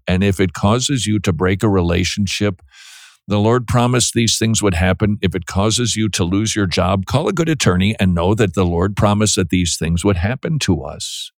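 A man's voice: on the low side, moderate pace, no echo, studio quality. A man hosting a Christian call-in radio show, earnest and preachy, stumbling through restarts and breaking into jokes now and then. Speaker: radio host.

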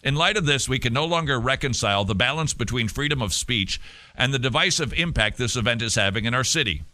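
A man doing a deliberately shaky British accent, reading out a formal statement as a stiff male spokesman. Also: mid-range voice, lively intonation, sharp tone. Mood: stiffly formal. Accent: attempted British accent. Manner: formal, clipped, mock-official.

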